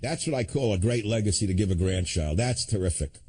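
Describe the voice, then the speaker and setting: A man's voice: on the low side, lively intonation, brisk, mellow, breathy edge. A man hosting a call-in radio show, talking in a combative, sardonic way with chuckling asides. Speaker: radio talk show host.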